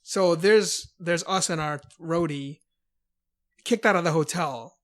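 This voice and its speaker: A man from New York telling band stories in a casual podcast chat, lively and quick to act out quotes. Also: fairly high pitch. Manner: chatty, lively storyteller who acts out quotes. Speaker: podcast guest, band member.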